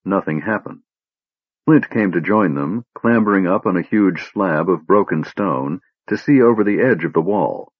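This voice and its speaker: A man narrating a fantasy audiobook with animated storytelling. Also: deep voice, normal speed, husky, no echo. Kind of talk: scripted narration. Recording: dull dry lo-fi recording.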